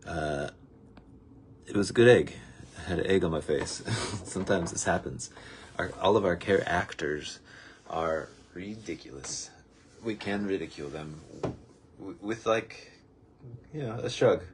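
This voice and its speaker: Very low-voiced man giving a spiritual lesson. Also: measured pace, slight background noise. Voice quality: rambling, reflective, good-humored. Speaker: spiritual teacher leading a daily lesson. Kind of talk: casual, meandering spiritual talk.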